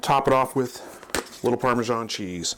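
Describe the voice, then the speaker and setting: A man's voice: medium pitch, moderate pace. An easygoing man talks his way through a home recipe in a folksy, chatty manner. His voice sits right in the middle of the usual range, and a faint hiss hangs under it. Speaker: cooking channel host. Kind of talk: casual cooking demonstration.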